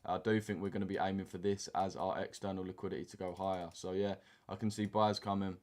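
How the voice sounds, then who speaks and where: A man's voice: deep voice, flat delivery, fast talker, a little mellow. A young man, hosting a trading live stream and chatting casually with viewers in slang while reading the chat aloud. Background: keyboard typing and mouse clicks.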